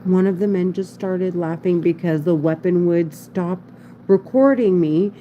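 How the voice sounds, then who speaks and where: A woman's voice: lowish voice, unhurried, lo-fi sound, a little hiss or hum. A woman talking in a casual monologue to the camera, rambling anxiously and repeating herself with frequent restarts. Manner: rambling, repetitive, restarts often; anxious, insistent. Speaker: vlogger.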